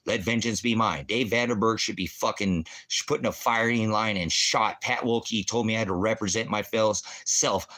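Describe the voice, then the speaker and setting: A middle-aged man and veteran hosting a ministry livestream, ranting angrily and cursing at commenters in a combative way. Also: fairly low pitch. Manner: profane, combative, shouting insults at chat. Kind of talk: angry livestream rant.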